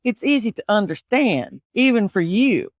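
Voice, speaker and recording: A woman voicing a brash, fast-talking Southern American woman. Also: medium pitch, sing-song, no echo, clean studio sound. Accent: put-on Southern US.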